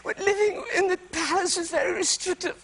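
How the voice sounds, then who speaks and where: A man putting on the voice of a tipsy, weepy older royal woman, high and exuberant in manner. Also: fairly even intonation, fairly quick, a bit bright. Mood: tearful, exuberant.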